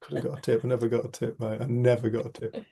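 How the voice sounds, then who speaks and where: A man's voice: mid-range voice, flat delivery, fast, creaky, mellow, breathy edge. A middle-aged man with a Northern English, Cumbrian accent, leading a casual group discussion over a video call, chatty and teasing, with the odd swear word. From Cumbria, Northern England. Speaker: group facilitator.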